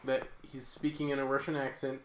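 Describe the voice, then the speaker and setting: A podcast co-host in a casual movie recap chat, animated and often acting out scenes in quoted voices. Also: medium pitch, a little fast, echoey room, poor audio.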